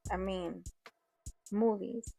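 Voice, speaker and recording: A woman's voice: medium pitch, steady tone, drawn-out words, creaky, dark tone, faint music behind, heavily acted. A woman voicing a teasing, sarcastic teenage boy. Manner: joking, sarcastic.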